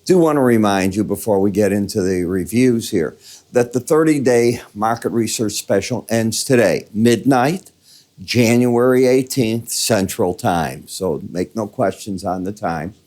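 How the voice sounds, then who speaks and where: A man's voice: lowish voice, a little slow, a little mellow. An older man with a Midwestern American accent giving chatty, conversational market commentary, walking through charts with folksy asides.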